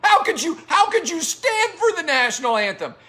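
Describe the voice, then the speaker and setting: A man mocking a weepy, whining grown man, voice pushed way up into a high, bright register. He sobs and complains with theatrical self-pity. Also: very animated, moderate pace, exaggerated voice. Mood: mock crying. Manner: mock-sobbing, whiny, theatrical. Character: adult man weeping over a differing opinion.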